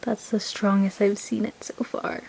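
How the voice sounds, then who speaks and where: A young woman talks through a personal vlog at an unhurried pace, her voice soft and often slipping into a half-whisper. Small laughs break in now and then, and a faint hiss sits under the recording. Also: medium pitch, little pitch movement, vocal fry, low-quality recording. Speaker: vlogger.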